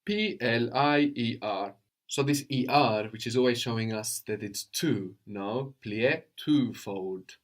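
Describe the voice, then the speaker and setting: A man teaching a language lesson, patient and probing, often checking with a quick "no?". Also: medium pitch. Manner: patient, prompts with questions, tag "no?".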